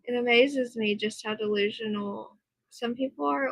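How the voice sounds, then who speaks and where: A woman live streaming from her computer, reading a news report aloud and chatting with viewers in animated asides. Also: a little high, normal speed, vocal fry, no echo, rough recording. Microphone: computer mic, earbud in for monitoring.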